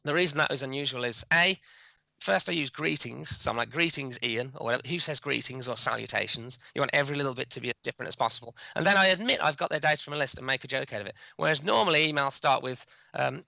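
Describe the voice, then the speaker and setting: Man, podcast guest, fast talker, gravelly edge, dry close sound. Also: mid-range voice, pushed and bright, no room sound, poor audio. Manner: fast, chatty, many restarts. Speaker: guest, cold outreach expert. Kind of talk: podcast interview.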